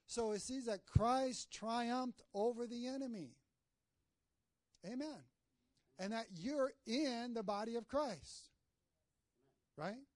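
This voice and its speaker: A man's voice: very high voice, slow pace, long pauses, darkish tone, no room sound. A man preaching a sermon, asking the congregation for amens and telling a story partway through. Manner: call-and-response, asks the congregation for amens; tells jokes and stories mid-sermon.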